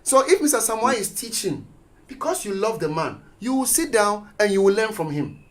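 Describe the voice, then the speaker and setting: Animated man telling school stories. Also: high voice, a little fast. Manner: animated storyteller, acts out quotes. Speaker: guest teacher. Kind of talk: radio discussion. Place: radio studio.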